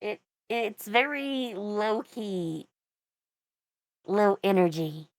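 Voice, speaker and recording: A woman's voice: medium pitch, lively intonation, extremely slow, dry recording. A woman streamer giving casual commentary while reacting to songs, thinking aloud in a musing way. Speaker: VTuber reacting to music.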